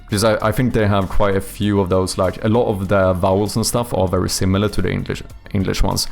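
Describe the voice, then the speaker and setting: A man's voice: low voice, little pitch movement, creaky, faint music behind. A man with a Swedish accent, a streamer and game developer chatting casually and thinking aloud, often stopping to correct himself. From Sweden. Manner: halting, self-correcting, thinks aloud while answering chat. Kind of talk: casual live-stream chat.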